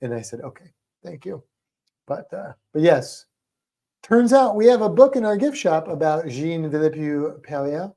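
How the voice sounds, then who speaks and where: A man's voice: on the high side, lively intonation, moderate pace, warm tone. A man co-hosting a casual livestream podcast, chatty and playful, rambling through asides and tripping over hard names. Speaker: podcast co-host.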